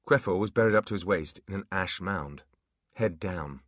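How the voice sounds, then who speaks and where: A man narrating a fantasy audiobook in an expressive storytelling manner. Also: sits low, moderate pace, no echo, clean studio sound.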